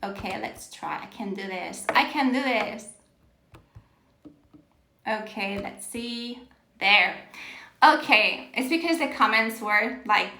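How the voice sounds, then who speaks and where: A woman's voice: a little high, pushed and bright, reverberant. A woman teaching Spanish on a live stream, reading out viewers' answers, praising them often and laughing, switching between English and Spanish. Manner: encouraging, reads out viewer answers with frequent praise. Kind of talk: live-streamed language lesson. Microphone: phone on a live stream.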